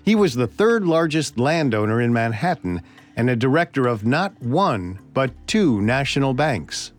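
Man narrating history with lively pitch. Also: moderate pace, faint music behind. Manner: dramatic storytelling. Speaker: podcast co-host.

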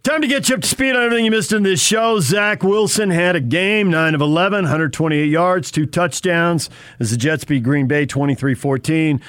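A man's voice: a little high, brisk, few pauses, fairly bright tone. A man co-hosting a sports radio show, chatting casually and laughing often with jokey asides.

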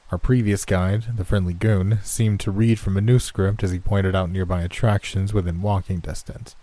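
A man narrating a first-person horror story in a measured, even storytelling manner. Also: lowish voice, no echo.

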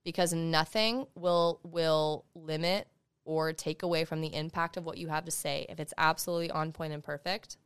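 Fast-talking low-voiced young woman. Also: steady tone, clear, resonant tone, no room sound. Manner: fast-talking, emphatic, advice-giving. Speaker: podcast guest, law student. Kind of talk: casual podcast conversation.

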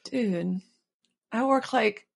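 Woman cohost on a podcast, deadpan teasing, chatty. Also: fairly high pitch, extremely slow, creaky, husky. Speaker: podcast co-host. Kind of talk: casual chat.

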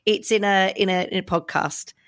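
A woman's voice: medium pitch, normal speed, a bit bright, lightly acted. An actress playing a haughty, anti-woke female radio presenter in improvised comedy chat, dismissive and talking over her guest. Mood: smug. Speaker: host of a satirical radio show.

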